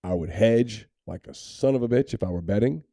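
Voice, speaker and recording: A man's voice: on the low side, brisk, gravelly, dark tone, dry recording, studio quality. A man co-hosting a sports podcast, talking candidly and opinionatedly in casual chat, with frequent restarts. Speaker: podcast co-host.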